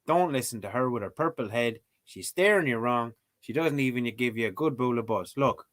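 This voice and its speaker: A man's voice: medium pitch, fairly quick, few pauses, noisy background. An Irish man giving joking, mock-outraged commentary while he works through a language-learning app. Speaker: streamer playing a language app. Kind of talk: casual comedic commentary.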